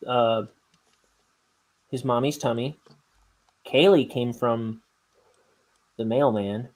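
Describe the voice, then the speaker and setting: A man's voice: medium pitch, level tone, slow, pauses often. A man chatting casually and joking dryly while he draws comics. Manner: dry, joking. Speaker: comic artist co-host. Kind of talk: casual chat.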